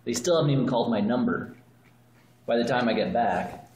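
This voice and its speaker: A man's voice: medium pitch, a little fast, a little mellow. A man casually telling a long anecdote, rambling and often laughing as he goes, filmed on a phone. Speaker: storyteller. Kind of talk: casual anecdote told to family. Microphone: phone camera. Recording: echoey room with background noise, phone video.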